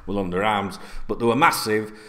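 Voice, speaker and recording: A man's voice: on the low side, moderate pace, fairly bright tone. A middle-aged man, chatting casually as a football fan host, rambling and swearing freely.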